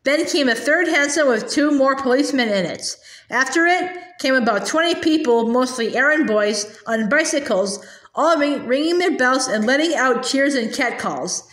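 A woman reading a children's novel aloud in a lively way, voicing its characters. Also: sits high, normal speed, roomy sound. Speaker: audiobook reader.

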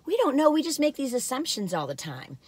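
A woman's voice: sits high, very animated, fairly quick, slightly rough, no echo. Chatty older woman vlogging from her car. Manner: talkative, warm asides to viewers, frequent laughs and fillers. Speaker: vlog host reviewing cookies. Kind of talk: chatty rambling vlog talk.

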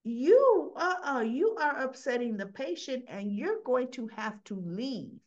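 A woman's voice: sits high, sing-song, unhurried. A woman quoting a stern young nurse with firm, clipped words, on a muffled recording.

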